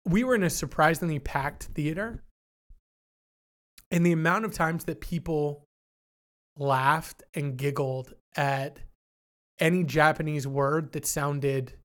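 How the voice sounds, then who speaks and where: A man's voice: fairly high pitch, takes it slowly, pauses often. A man co-hosting a podcast, talking things through in a thoughtful, hedging way with many restarts. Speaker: podcast co-host. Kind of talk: casual discussion.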